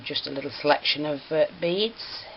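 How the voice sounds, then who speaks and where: A woman's voice: low-pitched, normal speed, gravelly. A woman teaching a craft tutorial, chatty and apologetic, prone to giggling. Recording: slightly dull home recording with faint hiss.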